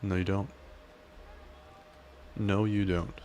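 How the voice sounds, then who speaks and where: A man casually commenting on his gameplay and chatting with his viewers in a relaxed way. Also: low-pitched, moderate pace, a little hiss or hum. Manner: relaxed, chatty, talks to chat. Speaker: game streamer.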